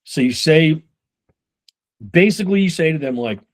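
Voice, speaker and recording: A man's voice: fairly high pitch, lively intonation. Casual, profane male sales trainer. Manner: loose and profane, acts out quick dialogue. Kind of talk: casual coaching talk.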